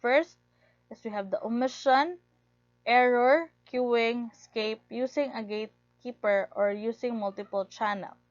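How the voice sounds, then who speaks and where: A woman's voice: a little high, unhurried, dry recording. A woman giving a recorded lecture, reading steadily from her notes and stressing key words. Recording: dull lo-fi recording, dry.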